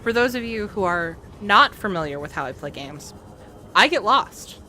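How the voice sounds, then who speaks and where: A woman's voice: mid-range voice, animated, moderate pace, bright, forceful tone, slight background noise. A woman streaming a video game, chatting casually to her viewers and to herself as she plays. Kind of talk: casual let's-play commentary. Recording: game music under the voice. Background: game music and sounds.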